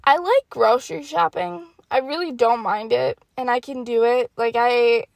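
A young woman hosting her own podcast, telling funny stories in a casual, animated, self-mocking way and swearing freely. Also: fairly high pitch, moderate pace, gravelly, dry recording. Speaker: podcast host. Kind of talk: casual storytelling monologue.

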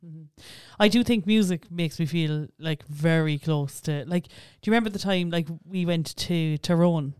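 A man's voice: fairly high pitch, moderate pace, few pauses, clear, resonant tone, no echo, clean studio sound. A young Irish man co-hosting a podcast in casual chat, filling his talk with "yeah" and "like". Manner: chatty, lots of fillers and "yeah, yeah". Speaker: podcast co-host.

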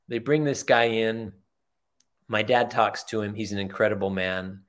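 Older man, podcast guest. Earnest, heartfelt storyteller, lowish voice. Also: steady tone, moderate pace, fairly bright tone. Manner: earnest, heartfelt, repeats phrases for emphasis. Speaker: podcast guest, retired executive. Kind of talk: conversational storytelling.

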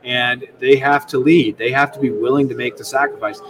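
Young man, casual interview guest, rambling and animated, mid-pitched voice, slightly distant mic. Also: fairly quick, background noise. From United States. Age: young adult. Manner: rambling, animated, with many restarts. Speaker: state legislator guest.

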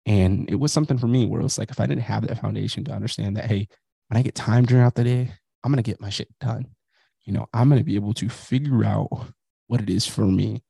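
This man's voice sits on the low side, mellow with a breathy edge and vocal fry, and he talks fast in a steady tone; the recording is dry. He's a thirty-something podcast host with a migraine, holding forth in a casual motivational monologue that's blunt, profane and self-reflective.

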